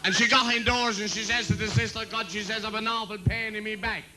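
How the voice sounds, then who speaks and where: A comedian rattles through bawdy jokes on a club stage and laughs at his own punchlines. His voice is high and bright, with a cheeky edge. A faint hiss sits behind him. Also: fairly even intonation, fairly quick, poor audio. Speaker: comedian and compere. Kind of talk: live bawdy stand-up jokes.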